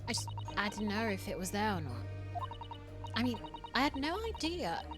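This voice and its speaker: A woman's voice: mid-range voice, very animated, moderate pace, over music, natural voice. A woman putting on a scrappy cockney street girl. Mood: nervous. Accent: put-on London cockney.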